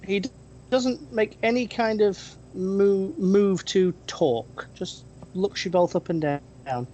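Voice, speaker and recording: A game master narrating a tabletop role-playing game, pausing often with ums and restarts. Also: medium pitch, mellow, dull audio, slight background noise. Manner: hesitant, many ums and restarts.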